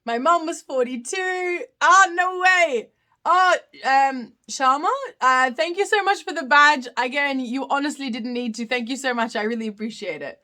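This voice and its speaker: A woman's voice: sits high, normal speed, hardly any pauses, sharp tone. A woman in her thirties with an Australian accent, hosting a casual live-stream Q&A where she reads out comments and answers them, often giggling. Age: 30s. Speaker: live Q&A host.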